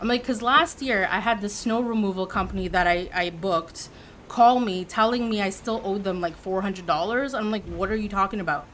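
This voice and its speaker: A woman in her thirties from Quebec, a streamer telling a story to her chat in a casual, animated way. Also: mid-range voice, normal speed, a little hiss or hum. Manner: animated, acts out quoted voices.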